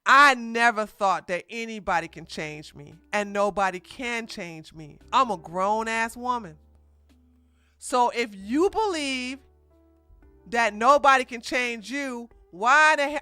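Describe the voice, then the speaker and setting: Blunt, bright-voiced woman streamer. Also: fairly high pitch, lively intonation, measured pace, smooth, soft background music. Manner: blunt, emphatic, slangy preaching. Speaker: commentary streamer. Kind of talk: casual reaction commentary.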